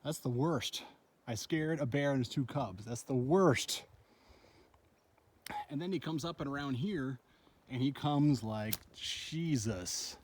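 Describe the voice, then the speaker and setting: A middle-aged man on a solo backpacking trip films himself with a handheld camera on a mountain trail, retelling a bear encounter breathlessly. He's shaken, rambling and swearing, his mid-range voice slow with long pauses, over a slight hiss or hum.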